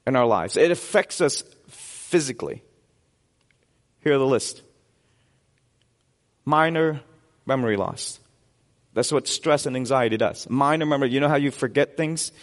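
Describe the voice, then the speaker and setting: A man's voice: medium pitch, big-room sound. A man preaching a sermon as pastor, conversational and joking with his congregation in a church sanctuary.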